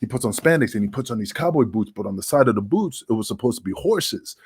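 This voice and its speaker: A man's voice: mid-range voice, animated, quick pace, a little mellow, breathy edge. A man, a former wrestler guesting on a podcast, telling rambling, profane stories and laughing as he goes. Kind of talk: casual storytelling.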